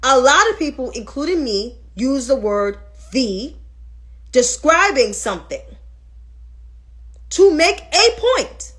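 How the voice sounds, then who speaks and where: A woman with a fairly high voice hosts a political livestream and gets heated and profane as she rants. She talks back to viewers' comments between her points. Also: very animated, a little slow, a bit bright.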